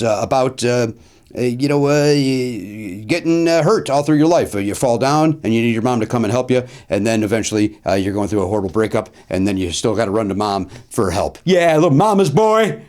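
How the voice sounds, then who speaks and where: Wry, animated middle-aged man hosting. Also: mid-range voice. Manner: wry, self-deprecating, rambling asides. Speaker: podcast host. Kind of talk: comedic solo podcast monologue. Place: studio.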